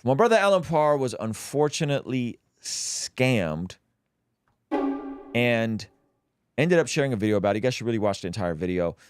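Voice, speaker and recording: A man's voice: mid-range voice, clear, resonant tone, no echo. A man hosting a casual livestream, talking animatedly and bantering with his co-host. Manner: animated, quick to laugh, banter-driven.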